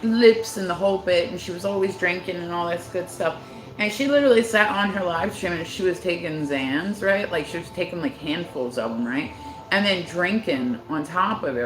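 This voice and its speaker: A woman's voice: fairly low pitch, echoey room, poor audio. A woman chatting casually on her livestream, rambling with constant filler words and frequent swearing.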